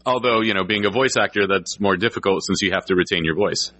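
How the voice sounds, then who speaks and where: A man's voice: sits low, fast talker, bright, forceful tone, a little hiss or hum. A man hosting a podcast, talking in an easygoing casual way and often adding short agreements. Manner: easygoing, frequent brief agreements. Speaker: podcast host.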